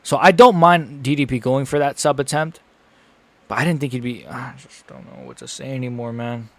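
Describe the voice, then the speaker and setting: A young man reacting live to a fight he is watching, frustrated and ranting, dropping to mutters and rising to yells. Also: mid-range voice, normal speed. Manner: frustrated, swings between muttering and yelling.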